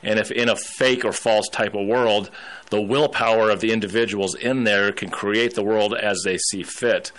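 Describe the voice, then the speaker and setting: A man hosting a talk show, speaking in a halting way and repeating his words. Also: lowish voice, steady tone, a bit bright, poor audio. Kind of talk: casual talk radio chat.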